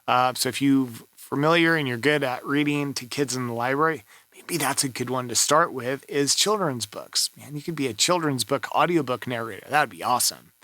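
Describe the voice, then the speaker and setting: A man talks through a voiceover seller's gig in loose, casual commentary, coaching with blunt, offhand remarks. His voice is bright and forward at a middling pitch. The recording is dry and close, with almost no room sound. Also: moderate pace, few pauses, no echo. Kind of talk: casual screen-review commentary.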